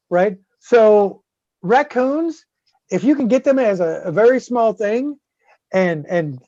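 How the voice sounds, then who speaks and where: A man with a Southern US accent, swearing freely as he tells an animated story in casual podcast chat. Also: sits high, no echo. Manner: profane, animated storyteller with many "right?" tags. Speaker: guest co-host. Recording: slightly dull lo-fi dry sound.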